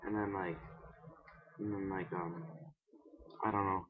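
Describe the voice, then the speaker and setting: A man's voice: low-pitched, little pitch movement, a little slow. A young man telling a rambling, casual story to the camera, full of "like" and restarts, swearing freely, on a laptop mic. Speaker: vlogger. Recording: dull lo-fi webcam audio.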